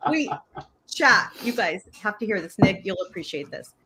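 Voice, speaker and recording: A woman from California co-hosting a casual livestream, an animated, laughing storyteller. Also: mid-range voice, normal speed, heavy background noise. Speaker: co-host.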